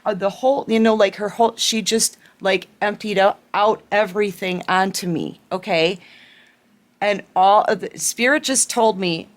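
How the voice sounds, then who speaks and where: A woman tarot reader with a mid-range voice and moderate pace gives her viewers an earnest spiritual pep talk. She repeats herself and keeps checking in with "okay?".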